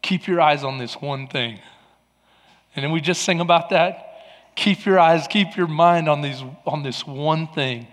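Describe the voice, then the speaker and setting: High-voiced preaching pastor, man. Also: measured pace, in a large hall. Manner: preaching with a loud, lively delivery that drops to soft, earnest talk; repeats words and restarts often. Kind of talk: sermon. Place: large church.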